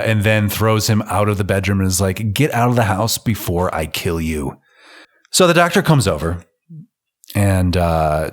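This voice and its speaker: A man casually recapping an old film on a podcast, joking, swearing and acting out the characters' lines. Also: low-pitched. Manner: loose, profane, acts out characters' lines in quotes. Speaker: podcast co-host.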